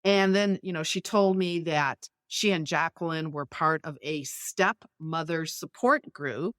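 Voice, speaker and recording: A middle-aged woman guest on a podcast, walking through small talk advice step by step. Her voice sits a little low, and she backs up each point with a personal story. The sound is dry and close. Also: unhurried, fairly bright tone, dry recording. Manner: clear, instructive, illustrates points with anecdotes. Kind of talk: explaining conversation tips in an interview.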